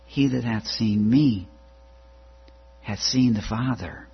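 A man playing a gently reproachful divine teacher who speaks in slow, solemn, old-fashioned words, with a husky voice on a dull recording. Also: lowish voice, full character voice. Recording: dull lo-fi recording with mains hum.

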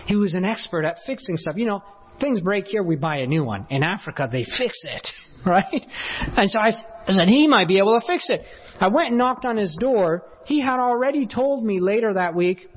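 Animated preacher man, lo-fi sound. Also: sits high, moderate pace, husky, in a large hall. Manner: animated, swings between loud and hushed. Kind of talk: sermon storytelling. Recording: dull lo-fi sound.

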